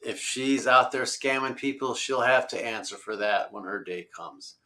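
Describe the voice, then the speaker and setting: A man's voice: medium pitch, normal speed, pushed and bright. A man telling a travel story in a rambling conversational way, with many fillers and restarts. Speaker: road-trip traveler guest.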